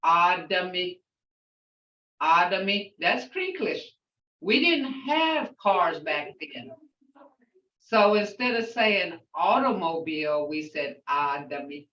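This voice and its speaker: An older woman teaches a language class at a very slow pace, saying each word twice so her students catch the sounds. She speaks in a plain, outspoken way. She sits back from the mic, and the dull, roomy recording has a muffled, echoing quality. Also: on the low side, sing-song, a bit bright, recorded from a distance. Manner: slowly repeats words to model pronunciation.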